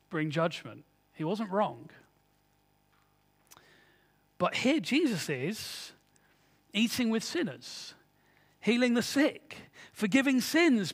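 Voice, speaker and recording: Man, high voice, earnest conversational sermon, long hall reverb. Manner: conversational, earnest preaching with rhetorical questions. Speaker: preacher.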